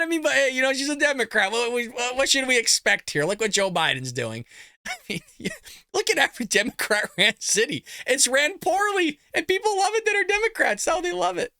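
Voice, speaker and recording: A male show host with a high, very bright and forceful voice, tearing into the news with sarcasm and chuckles. His sound is close and dry, with no room around it. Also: brisk, clear, resonant tone, no room sound. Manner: sarcastic, animated, laughs at his own jabs. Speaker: political commentary show host. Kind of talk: opinionated commentary reacting to news.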